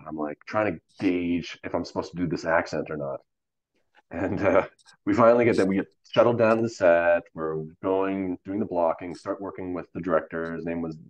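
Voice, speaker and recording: A man's voice: deep voice, a little mellow, dull audio. A man, an actor guest in a casual interview, telling stories animatedly with many fillers and acting out quoted dialogue.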